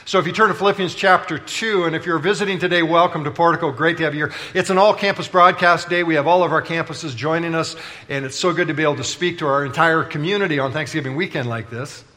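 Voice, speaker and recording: In a large church auditorium, a male pastor delivers a sermon, his voice on the high side, quick, pushed and bright. He tells stories playfully and conversationally, bantering with the congregation.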